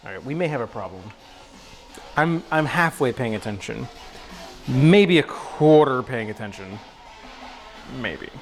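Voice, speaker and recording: A man's voice: medium pitch, lively intonation, measured pace, pauses often, faint music behind. A young man hosting a casual cooking livestream, talking while he cooks at the stove, goofy and self-mocking, calling viewers bro and dude.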